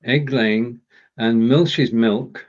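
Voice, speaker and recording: A man co-hosts a relaxed online language lesson, trying German phrases and joking at his own slips. His voice sits at a middle pitch. The sound is dull and lo-fi. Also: takes it slowly. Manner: jokey, stumbling through German phrases. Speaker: co-host and learner. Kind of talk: casual live language lesson.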